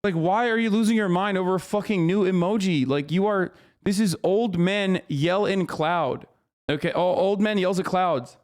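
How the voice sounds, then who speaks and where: A man with a high-pitched voice rants through casual live-stream commentary. He is exasperated and swears often, his speech full of restarts. He sounds like he is in his thirties. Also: normal speed. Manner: ranting, exasperated, heavy swearing. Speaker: streamer reacting to a clip.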